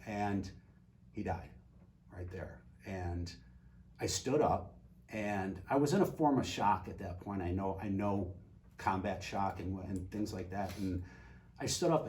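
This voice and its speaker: Low-voiced retired man telling a story. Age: older. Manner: animated storyteller, acts out quoted dialogue. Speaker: guest. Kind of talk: casual storytelling. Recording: distant mic with faint ambient noise.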